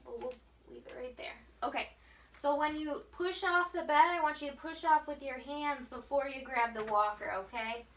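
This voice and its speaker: A woman's voice: sits high, moderate pace, a bit bright. A woman physical therapist patiently coaching a patient through breathing and walking exercises, counting out each breath. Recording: echoey room, far from mic, faint hiss.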